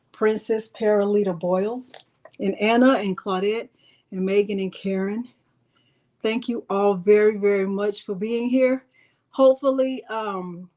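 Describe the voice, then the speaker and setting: Woman, slightly high voice, chatty, casual live-stream craft tutorial, greets viewers one by one. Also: darkish tone.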